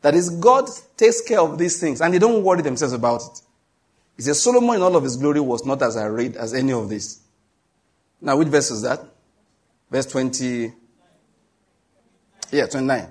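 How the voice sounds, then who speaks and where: A Nigerian man preaching a sermon with a Nigerian accent, emphatic, reading scripture slowly and joking with the congregation. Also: mid-range voice, expressive, a little mellow, husky.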